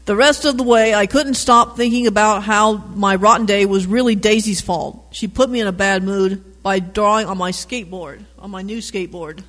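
High-voiced man reading a picture book. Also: normal speed, few pauses, long reverb tail. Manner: animated storybook reading, chatty asides. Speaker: reader.

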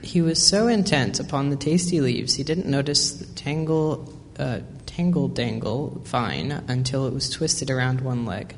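Male storyteller, measured read-aloud pace, echoing hall, faint hiss. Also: mid-range voice. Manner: measured, with small slips and self-corrections. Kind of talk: storybook reading.

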